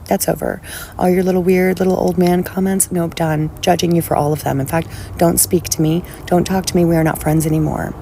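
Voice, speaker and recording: A woman's voice: medium pitch, background noise. A woman telling a story in a casual rant, blunt, angry and profane.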